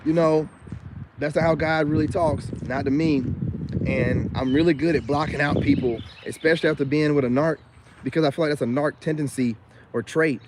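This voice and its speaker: A man's voice: on the high side, darkish tone, slight background noise. A man talking casually to his camera, rambling and teasing, with slang and flirty crooning asides. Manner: rambling, teasing, slangy, repeats "you know what I'm saying". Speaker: vlogger.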